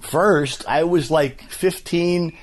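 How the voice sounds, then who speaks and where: A man in his fifties, a voice actor, telling stories in a casual interview with an animated, filler-laden manner. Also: fairly high pitch, takes it slowly. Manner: animated storyteller, many fillers. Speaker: voice actor, guest.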